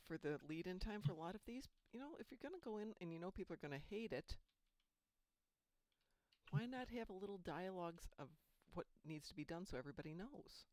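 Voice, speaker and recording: A woman hosting a gaming stream, chatting in a rambling, casual way. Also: medium pitch. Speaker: stream host. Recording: loud keyboard typing behind.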